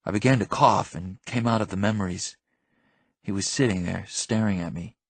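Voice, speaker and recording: A man narrating an audiobook in the first person, intense and numb in the quiet stretches. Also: deep voice, normal speed, dry recording.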